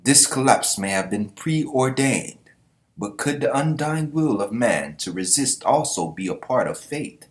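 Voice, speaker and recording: A man voicing a solemn armored skeleton knight in a put-on accent, speaking slowly and gravely. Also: mid-range voice, expressive, lightly acted. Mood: musing. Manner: puts on an accent, slow and grave.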